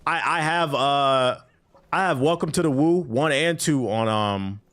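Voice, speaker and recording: A man's voice: mid-range voice, unhurried, fairly bright tone. A man streaming a game, chatting casually with his chat in loose, profane slang. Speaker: gaming streamer. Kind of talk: casual live-stream commentary while playing.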